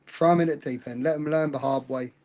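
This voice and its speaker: A man's voice: fairly high pitch, fairly even intonation, fast, a little mellow. A middle-aged man, co-hosting a casual podcast and telling stories bluntly, with frequent laughs. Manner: laughing, blunt storyteller with mild swearing. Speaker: podcast co-host.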